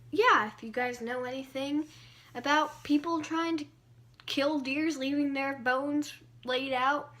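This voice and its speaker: Woman vlogger, story time, high bright voice, dramatic delivery.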